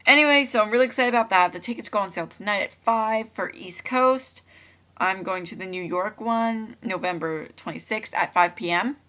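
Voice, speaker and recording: A woman's voice: medium pitch, moderate pace, bright, forceful tone. A young woman vlogging at home into her laptop mic, chatty and rambling with lots of fillers and restarts. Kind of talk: casual webcam vlog. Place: room at home. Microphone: laptop built-in mic.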